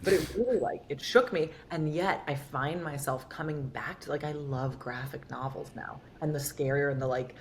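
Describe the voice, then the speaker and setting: Low-voiced woman actor, candid and rambling. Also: steady tone, normal speed, few pauses, a little hiss or hum. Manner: candid, rambling, heavy use of "like". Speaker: actor, podcast guest. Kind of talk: casual interview chat.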